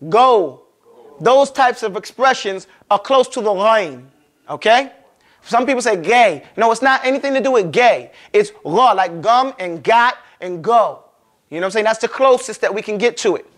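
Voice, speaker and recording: A man teaching a Quran recitation class, casually explaining sounds and drilling them by stretching and repeating each one slowly. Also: high voice, lively intonation, a bit bright. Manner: casual, conversational teaching with frequent check-ins. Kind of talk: classroom lesson.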